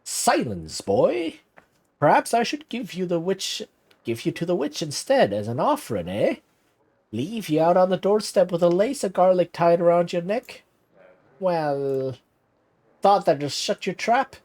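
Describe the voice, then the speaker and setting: A man's voice: medium pitch, normal speed, a little mellow, natural voice. A man voicing a boastful old male villager telling a witch tale, with theatrical, shifting put-on accents.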